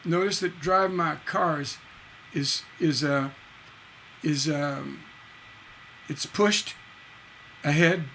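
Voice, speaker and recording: Guy running a songwriting class stream, pretty high voice, hums lines and goes "right?" a lot, bit of hiss behind. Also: slow pace, long pauses, a bit bright. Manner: sings and hums lyrics to show stresses, breaks into da-da rhythms; explains casually, checks in with "right?" and answers chat. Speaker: songwriting instructor. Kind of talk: live-streamed songwriting lesson.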